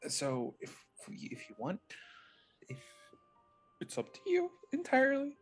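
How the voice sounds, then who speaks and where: A man's voice: extremely high pitch, huge pitch swings, a little slow, husky, soft background music. A man playing a tabletop role-playing game, rambling and restarting phrases as he talks. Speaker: player. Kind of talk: casual tabletop role-play.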